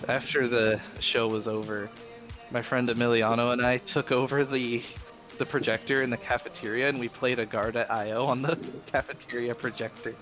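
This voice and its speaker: A man's voice: mid-range voice, little pitch movement, moderate pace, a bit bright. A young man in casual chat on a game stream, rambling and playful. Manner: rambling, playful, trying out accents. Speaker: stream guest. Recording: game music playing behind.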